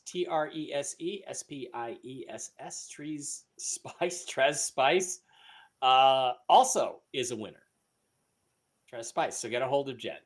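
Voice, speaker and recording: A man hosting a live stream, chatting loosely, reading out giveaway winners and stumbling over names. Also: medium pitch. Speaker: livestream host. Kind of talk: casual live-stream chat.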